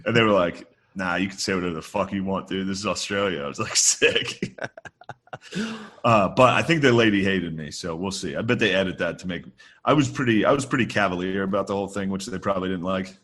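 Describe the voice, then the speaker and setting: Low-voiced man telling profane stories. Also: fast talker, fairly bright tone, slight background noise. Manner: loose, profane storytelling with laughs. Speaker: podcast co-host. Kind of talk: casual comedic chat.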